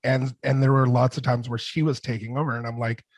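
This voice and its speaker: A man on a video call, rambling through animated stories as a music producer on a panel. His voice sits at an everyday middle pitch. The sound is close and dry, with no room around it. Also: a little fast, no room sound. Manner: rambling, animated storytelling with many restarts. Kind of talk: online panel interview. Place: home studio with colorful backdrop.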